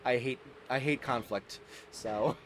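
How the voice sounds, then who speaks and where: Guy chatting on a livestream, keeps laughing and restarting sentences, average pitch. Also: steady tone, takes it slowly, slight background noise. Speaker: streamer. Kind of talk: casual livestream chat.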